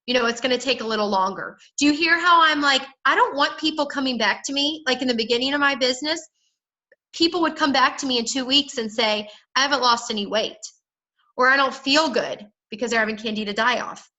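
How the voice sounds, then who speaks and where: A woman's voice: sits high, a little fast, sharp tone, lo-fi sound. A woman coaching her sales team on a call, chatty and emphatic, often acting out what she would say to people. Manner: chatty, emphatic, acts out dialogue. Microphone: phone or call audio.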